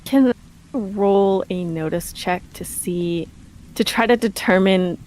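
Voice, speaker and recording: A woman playing a tabletop game who calmly describes what her character does and asks the game master questions. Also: mid-range voice, takes it slowly, poor audio. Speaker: player. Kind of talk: in-character play and table talk.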